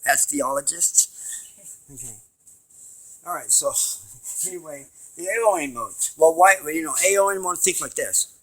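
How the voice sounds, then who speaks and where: Lively, rambling man lecturing at home. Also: on the high side, a little slow, pauses often, poor audio. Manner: emphatic, rambling, swings from loud to quiet. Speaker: home video host.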